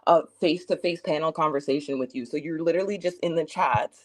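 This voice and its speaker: A woman's voice: low voice, fast. Young woman, stream host, casual storytelling, heated, profane, emphatic.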